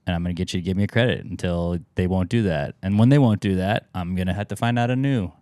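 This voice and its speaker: Low-voiced and fast-talking, this podcast co-host has a darkish tone with no echo. He keeps the chat casual, spinning rambling anecdotes full of fillers.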